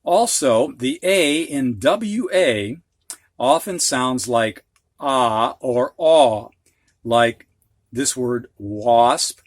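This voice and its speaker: A man's voice: mid-range voice, expressive, very slow, dry recording, studio quality. A man with a Midwestern accent teaching a phonics lesson, patiently explaining words with examples and asides. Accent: Midwestern American. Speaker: reading teacher.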